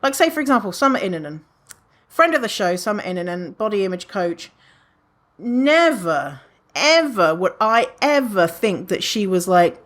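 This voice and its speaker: A woman hosting her own podcast, chatting casually with a lively, swooping voice. She swears freely and laughs at her own remarks. She keeps things loose and animated and acts out what she imagines others think. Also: mid-range voice, moderate pace. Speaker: podcast host. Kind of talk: casual solo podcast talk.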